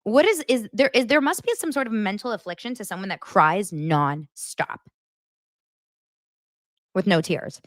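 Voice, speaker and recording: A woman's voice: medium pitch, animated, unhurried, long pauses, no echo, studio quality. A woman hosting a podcast, chatting casually through a reality-TV recap and filling her speech with "like". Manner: chatty, fills with "like". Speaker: podcast host.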